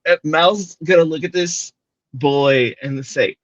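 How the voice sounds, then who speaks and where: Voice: medium pitch, slow, dry recording, muffled recording. A player in a tabletop game who speaks bluntly and asks pointed questions. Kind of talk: tabletop role-play.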